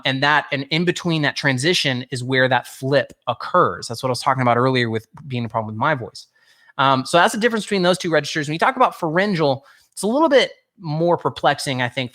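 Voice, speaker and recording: Guy vocal coach running a singing workshop, bright kinda high voice, explains step by step, keeps restarting words. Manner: patient explaining, speaks to listeners directly, frequent self-corrections.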